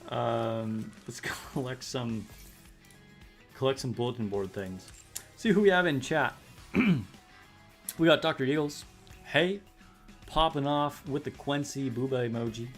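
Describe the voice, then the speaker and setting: A man hosting a laid-back livestream at home, talking slowly and taking his time. He rambles into silly jokes and chuckles at his own tangents. Soft music plays faintly behind him. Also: mid-range voice, lively intonation. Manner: rambling, jokey, laughs at himself. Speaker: streamer. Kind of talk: casual livestream chat.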